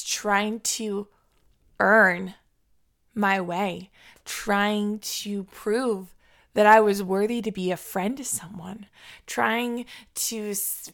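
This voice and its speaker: A young woman in a reflective faith chat, talking slowly and earnestly with long pauses. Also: medium pitch, a bit bright. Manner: slow, earnest, pausing.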